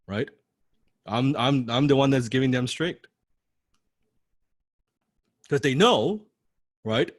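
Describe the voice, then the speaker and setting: A man's voice: medium pitch, expressive, slow pace, pauses often, dry recording. A man coaching a live online class, blunt and profane, repeating key lines and often asking "right?". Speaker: copywriting coach.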